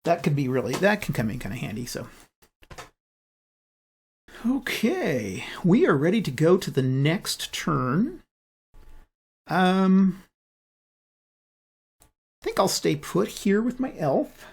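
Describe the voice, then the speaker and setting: A man's voice: on the high side, big pitch swings, creaky, darkish tone, slightly rough. A man narrating his own solo board game playthrough, thinking aloud as he rolls dice and moves pieces. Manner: unhurried, thinking aloud while rolling dice. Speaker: board game channel host.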